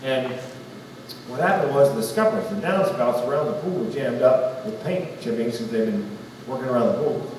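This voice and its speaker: A man's voice: mid-range voice, moderate pace, darkish tone. Southern man doing stand-up in a hall. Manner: storytelling, acts out voices in quotes. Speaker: stand-up comedian. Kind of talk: stand-up comedy with slides. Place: large hall on stage. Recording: roomy hall from a distance, audience noise.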